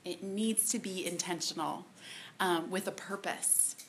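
A woman giving a personal faith testimony to a group, halting and softly emotional, with many pauses and fillers. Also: on the low side, slight background noise. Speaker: speaker at a women's ministry talk.

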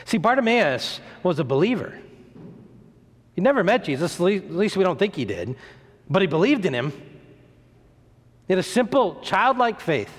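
A man preaching a sermon, retelling a story in an animated way, acting out the voices, sometimes stumbling and repeating words. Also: high voice, normal speed, long pauses. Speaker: pastor. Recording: long hall reverb.

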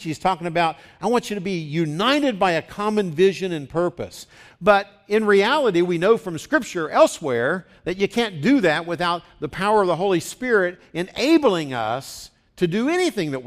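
A middle-aged male pastor preaching a conversational sermon, teaching plainly and leading the congregation to repeat words after him. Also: on the high side. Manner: conversational, teaching, leads the congregation in call and response.

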